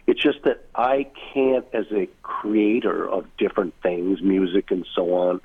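A man with a low, husky voice talks thoughtfully over a tinny, phone-like line. He muses through his ideas as an interview guest, taking side turns as he goes. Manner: thoughtful, musing, many asides. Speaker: author being interviewed. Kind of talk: reflective conversational interview. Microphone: remote line from far away.

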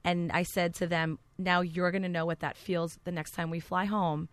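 A woman's voice: fairly low pitch, level tone, moderate pace, no room sound. Middle-aged woman with a Jersey accent. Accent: New Jersey. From New Jersey. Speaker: guest. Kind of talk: casual chat.

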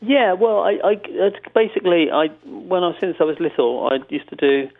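A man's voice: high-pitched, lively intonation, moderate pace, gravelly. A British man, a comedy writer, chatting in an interview, telling rambling, self-amused stories with many restarts. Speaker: comedy writer and prank caller. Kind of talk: casual interview chat. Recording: tinny phone-line sound.

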